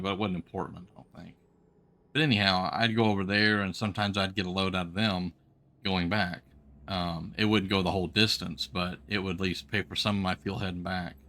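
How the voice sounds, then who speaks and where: A man streaming a trucking game from a home setup, telling an old road story into a desk microphone. His voice is a little low, yet bright and forceful. He rambles in a folksy way, full of ums and restarts as he talks. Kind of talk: casual storytelling while gaming.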